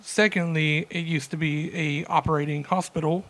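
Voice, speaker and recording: A man's voice: fairly high pitch, fairly even intonation, moderate pace, fairly bright tone. A young man co-hosting a podcast, telling a rambling, laid-back story full of fillers. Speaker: podcast co-host. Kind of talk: casual storytelling chat.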